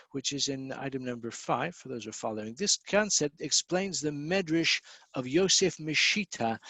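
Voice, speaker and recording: Casting: American male lecturer, higher-pitched voice, patient explanatory delivery, dry close sound. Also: a bit bright, dry recording. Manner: explanatory, spells out words, many fillers and restarts. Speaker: Torah lecturer. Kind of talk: recorded lecture.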